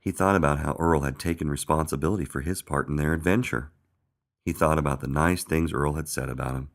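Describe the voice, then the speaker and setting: A man reading a children's picture book aloud in an expressive storytelling manner. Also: extremely low pitch, a little fast. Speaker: storybook reader.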